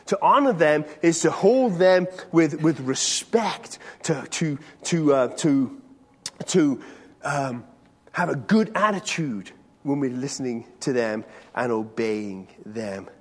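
Lively high-pitched man preaching. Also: takes it slowly. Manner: conversational, questions the audience directly. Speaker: pastor. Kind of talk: sermon to a congregation. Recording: long hall reverb.

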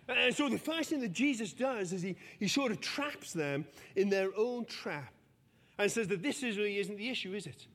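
A pastor in his fifties delivers a sermon in a fairly high, bright voice. He tells stories with self-deprecating humor. The sound rings with a long hall reverb. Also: expressive, fairly quick.

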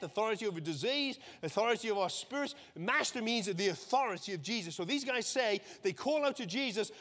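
A man with a high voice preaches a sermon in a relaxed, conversational way, checking in with "okay?" and often repeating words. His voice rings with a long reverb, as in a church hall. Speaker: pastor.

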